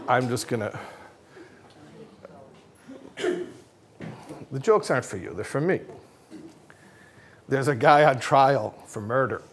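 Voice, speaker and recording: A man giving a religious talk with jokes, speaking in a casual, self-mocking and energetic way. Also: medium pitch, slight background noise.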